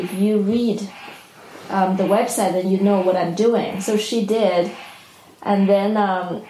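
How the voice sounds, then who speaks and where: A woman's voice: mid-range voice, dark tone, far from the mic, a little hiss or hum. A woman who speaks natively, earnestly sharing a personal story at a retreat. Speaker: spiritual teacher. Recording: echoey room.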